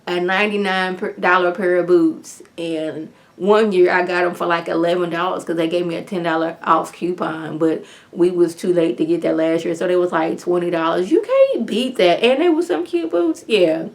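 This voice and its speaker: A woman with a lowish, creaky voice recaps a TV episode at a normal speed in a casual vlog. She retells it in a chatty, animated way, saying "like" a lot.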